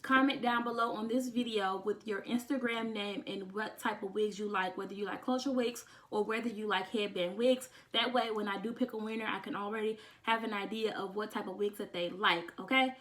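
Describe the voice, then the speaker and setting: A young woman vlogging, talking casually and sassily to her viewers, calling them honey and getting excited almost to tears. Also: medium pitch, fairly quick, few pauses. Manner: sassy and chatty, says honey a lot; emotional, close to tears with excitement. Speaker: beauty vlogger. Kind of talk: casual chat to camera.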